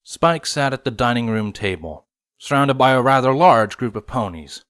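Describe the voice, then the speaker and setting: A man narrating a fan story aloud in a steady, expressive reading. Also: medium pitch, moderate pace. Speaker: reader, narrator. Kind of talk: fanfiction audiobook reading.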